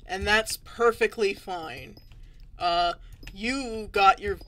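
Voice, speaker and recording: A woman chatting casually with a friend while gaming, in a fairly monotone delivery. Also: medium pitch, slow. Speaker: streamer's friend and guest.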